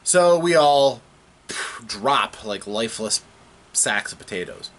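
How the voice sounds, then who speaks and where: A man casually recapping a tabletop game session, telling it with animated, halting restarts. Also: mid-range voice.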